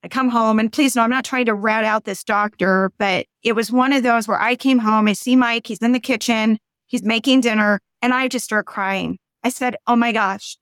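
A middle-aged woman talking frankly and earnestly as a guest on a podcast interview, going on at length and rising high when exasperated. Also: moderate pace, fairly bright tone, dry recording.

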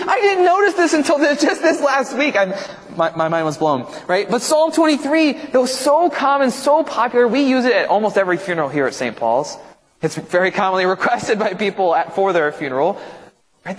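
A male pastor leading an informal Bible study, talking conversationally and often checking in with his listeners. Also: fairly high pitch. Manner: conversational, keeps checking in with "right?". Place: church, large echoey room. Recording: echoey hall reverb.

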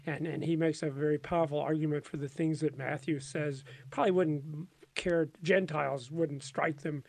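A man, a pastor, talking through a Bible passage in casual conversation, emphatic and quick to laugh. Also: on the high side, creaky, no room sound. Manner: animated, laughs often, emphatic storytelling.

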